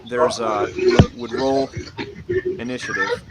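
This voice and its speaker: A man narrating as dungeon master, explaining rules in a relaxed, rambling way with many fillers. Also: very high voice, slow pace, creaky. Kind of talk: narrating a tabletop game. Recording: loud background noise.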